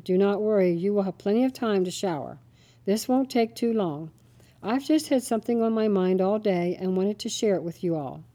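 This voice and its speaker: A woman reads a devotional story aloud in a steady, scripted narration. Her voice is mellow and dark in tone, sitting at a middle pitch. She gives the characters' lines a light lift without fully acting them.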